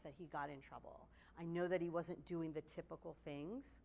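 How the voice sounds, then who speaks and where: A middle-aged woman giving a casual, animated lecture at a training session, often acting out the excuses people give. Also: fairly low pitch, moderate pace, few pauses. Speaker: presenter at a court training session.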